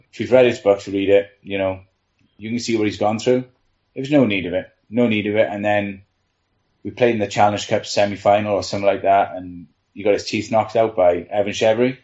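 During laid-back storytelling on a podcast panel, a team trainer rambles on, laughing frequently and leaning on "you know". His voice is fairly low and a little mellow, and the recording is lo-fi.

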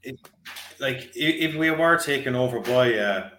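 A man's voice: mid-range voice, measured pace, pushed and bright, a little hiss or hum. A man on a football podcast, speaking hesitantly with many fillers. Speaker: podcast co-host. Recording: echoey room.

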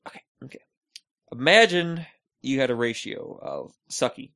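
A man's voice: mid-range voice, normal speed. Rambling, jokey man telling stories. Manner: rambling, jokey storytelling with deadpan asides. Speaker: podcast co-host. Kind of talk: casual chat.

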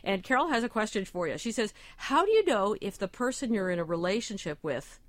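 A woman's voice: medium pitch, big pitch swings, a little fast, no echo. A woman co-hosting a radio show, cheerfully reading out event listings. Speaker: radio co-host. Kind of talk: casual radio chat.

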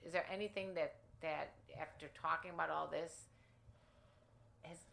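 A woman's voice: low voice, steady tone, normal speed, vocal fry, fairly bright tone. A woman hosting a casual interview, asking teasing, probing questions. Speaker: host.

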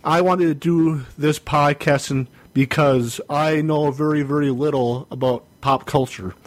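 A man's voice: fairly high pitch, steady tone, a little slow. A man hosting a wrestling podcast in an easygoing, eager way. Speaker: podcast host. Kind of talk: casual podcast chat.

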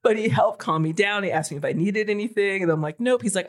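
A woman in her forties telling a story in casual podcast chat, animated and swearing freely. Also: medium pitch, fast, few pauses. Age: 40s. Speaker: podcast co-host.

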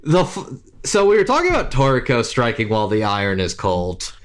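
A man co-hosting a casual podcast chat, animated and swearing freely, his voice jumping high when excited. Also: brisk. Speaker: podcast co-host.

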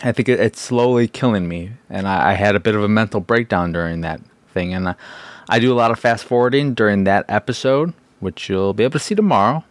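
Male podcast host, lowish pitch, dry mic, self-mocking rambler. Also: quick pace, no room sound. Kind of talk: casual solo podcast talk.

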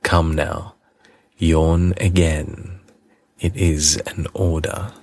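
A man voicing a proud, pompous old king in a storybook reading, issuing grand, measured decrees. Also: very deep voice, little pitch movement, a little mellow, dry recording, exaggerated voice. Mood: commanding.

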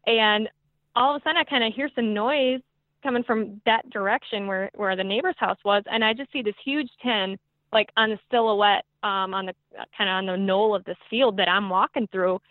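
A woman guest telling a hunting story in a podcast chat, excitable and quick, with many fillers. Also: mid-range voice, no room sound. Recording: tinny phone-like line, dry.

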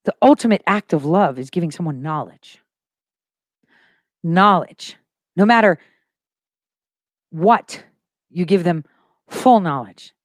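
A woman with a lowish, expressive voice hosts a casual livestream, speaking slowly and pausing often. She is insistent and full of conviction, repeating phrases for emphasis, and the studio-quality sound has no echo.

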